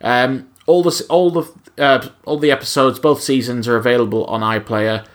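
Guy on a podcast, lots of ums, hunts for the right word, middle-pitched voice. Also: fairly even intonation, normal speed. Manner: hesitant, searching for words. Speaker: podcast co-host. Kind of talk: casual podcast chat.

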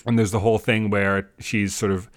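A man's voice: fairly low pitch, little pitch movement, normal speed. A man co-hosting a podcast, chatting casually and rambling through an episode with lots of restarts, often asking his co-host questions.

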